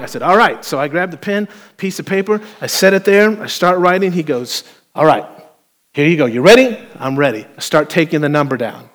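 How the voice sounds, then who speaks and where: A man preaching a sermon as pastor, telling a story with playful, animated asides to the congregation. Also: fairly high pitch, a little fast. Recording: long hall reverb.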